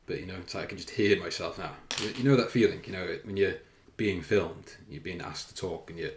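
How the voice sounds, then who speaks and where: A man's voice: low-pitched, fairly quick, slight background noise. A man, a fitness coach, hosting his own podcast as a casual, rambling, self-conscious monologue full of fillers and the odd swear word, filming himself indoors. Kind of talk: casual solo podcast chat. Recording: roomy echo.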